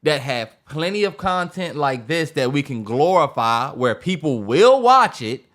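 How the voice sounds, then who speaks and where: Animated man co-hosting a casual podcast. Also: a little slow. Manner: animated storyteller, voice jumps high when acting out stories. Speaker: podcast co-host. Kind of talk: casual chat.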